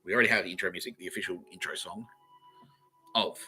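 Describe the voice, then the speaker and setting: A man hosts his own comedy podcast, talking in a loose, rambling monologue that keeps breaking into giggles and swearing. His voice has a bright, forward edge. Faint music sits behind him. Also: sits low, fast. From Australia. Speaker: podcast host.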